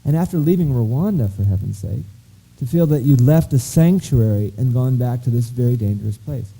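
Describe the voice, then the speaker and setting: A middle-aged man speaks to a school audience in an anecdotal, meandering way. His voice is very dark and mellow, at a middle pitch. He acts out both sides of remembered conversations and drops dry asides. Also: animated, moderate pace, vocal fry, low-quality recording. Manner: rambling storyteller, acts out quoted dialogue, wry asides. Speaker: speaker addressing high school students. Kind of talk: anecdotal public talk. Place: school auditorium.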